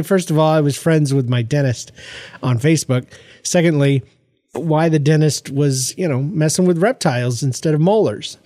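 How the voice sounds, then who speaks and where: A man's voice: a little high, moderate pace, no room sound. Congested middle-aged man telling funny stories. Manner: animated, jokey storytelling with laughs and voiced quotes. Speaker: podcast host. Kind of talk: casual solo podcast storytelling. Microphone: close podcast microphone.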